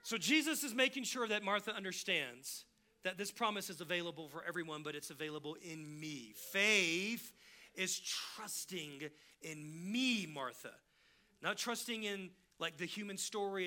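A male pastor preaching with a high voice and a very bright, forceful edge. His delivery is casual and emphatic, and he acts out the people he quotes along the way. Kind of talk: sermon.

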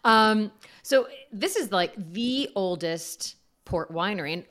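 A woman's voice: medium pitch, lively intonation, slow, fairly bright tone. A woman hosting a podcast interview, friendly and chatty, asking questions and laughing easily. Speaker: podcast host.

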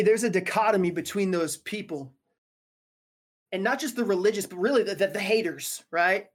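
A woman preacher delivers a relaxed, conversational sermon. She breaks into joking, slangy asides and speaks at a mid-range pitch for a woman. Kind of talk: casual sermon.

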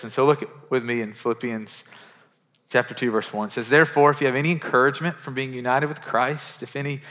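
A man in his thirties from western Kentucky preaching a sermon as pastor, earnest and conversational, restarting phrases and dropping to a hush for quoted lines. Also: mid-range voice, fairly even intonation, fast. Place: church sanctuary. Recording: church sanctuary with long reverb.

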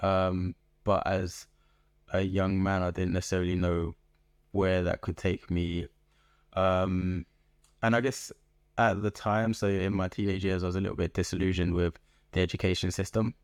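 A middle-aged man with a London accent, a guest in an interview, speaking in a thoughtful, measured way with frequent pauses. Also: sits low, level tone, clean tone, dry recording, studio quality. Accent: London English. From England. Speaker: guest, organization founder. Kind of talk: conversational interview. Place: podcast booth.

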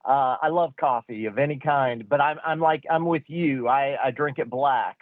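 Middle-aged man, traffic caller, easygoing and halting, tinny phone line, dry. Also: medium pitch, no room sound. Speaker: traffic reporter calling in. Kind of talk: casual chat on air.

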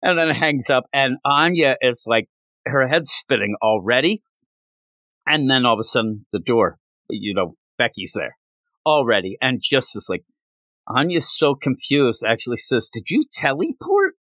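A man's voice: medium pitch, moderate pace, sharp tone, no room sound. Male podcast host, enthusiastic rambling recap, dead dry recording. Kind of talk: casual manga chapter recap.

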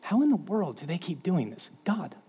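A male pastor preaching a sermon in an animated, conversational way in a church hall. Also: sits high, normal speed, breathy edge. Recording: long hall reverb.

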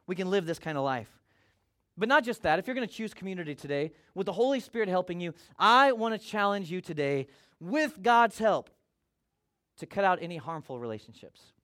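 A man's voice: sits high, sing-song, a little fast, fairly bright tone. A man preaching a sermon as a pastor, talking conversationally and acting out quoted voices.

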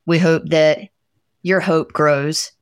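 Low voiced woman podcast host, heartfelt and reflective, dry close mic. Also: steady tone, slow pace, clear, resonant tone, no echo. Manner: heartfelt, reflective, with affirming interjections. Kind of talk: casual chat on hope and mental health.

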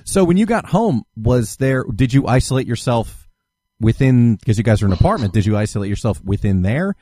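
A man's voice: mid-range voice, sing-song, fairly quick, dark tone, no echo. A man hosting a casual conversation, reacting sympathetically and asking follow-up questions. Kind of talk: casual interview chat.

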